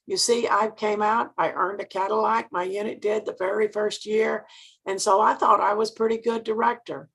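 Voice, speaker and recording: An older woman gives an earnest motivational talk and keeps putting questions straight to her listeners. Her voice is gravelly and a little husky, with a preacherly cadence. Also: medium pitch, flat delivery, normal speed, fairly bright tone. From Mississippi, US. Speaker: sales director giving a training talk.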